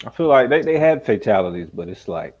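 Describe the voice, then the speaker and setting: Husky chill dude, voice jumps around a lot, easy to crack up. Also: male voice, on the low side, very animated, fairly quick, a little mellow, muffled recording. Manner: laid-back, easily amused. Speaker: podcast co-host. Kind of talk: casual chat. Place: vacation rental room.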